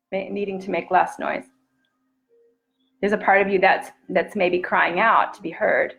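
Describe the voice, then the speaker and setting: Earnest, soft-spoken woman coach. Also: lowish voice, vocal fry, poor audio. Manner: earnest, intimate and encouraging, often drops to a soft near-whisper. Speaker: self-love coach. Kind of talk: live-streamed motivational talk.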